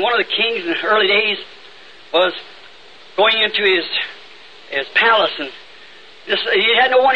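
A man with a Southern accent preaching an old-time revival sermon, fervent and breaking into sudden shouts, recorded in a church. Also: very high-pitched. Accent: Southern United States. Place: church sanctuary. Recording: dull lo-fi 1960s tape with faint hiss.

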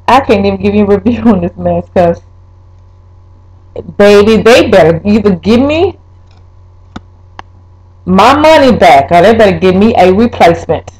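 A young woman vlogging a wig review, talking straight to her viewers, swearing and exasperated, her voice jumping up high when upset. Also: animated, moderate pace, long pauses, darkish tone, slightly rough, rough recording. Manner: pitch leaps when upset. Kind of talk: casual vlog, ranting.

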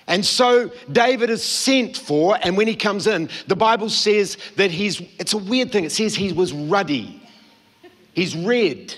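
A man's voice: high voice, animated, unhurried, fairly bright tone. A man preaching a sermon, telling the story and acting out the quoted voices. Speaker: pastor. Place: church hall.

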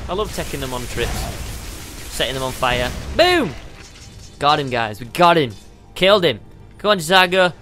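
A man giving excitable let's play commentary, yelping and tossing out goofy exclamations. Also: a little high, moderate pace, pauses often, over music. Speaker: gamer.

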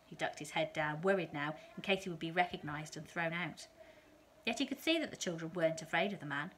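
Calm woman with a lowish voice reading a story aloud to children. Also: a little fast, a little hiss or hum.

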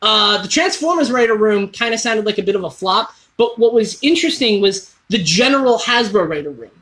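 A man hosting a casual chat, talking quickly and excitedly, often cutting himself off mid-sentence, in a toy store. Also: high-pitched. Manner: rapid, excitable, self-interrupting fan talk. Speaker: host.

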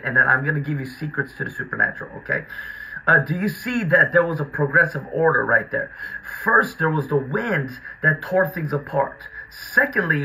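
A man's voice: a little high, vocal fry, sharp tone, low-quality recording. A man preaching a livestreamed sermon with call-and-response exhortations, repeating his key lines.

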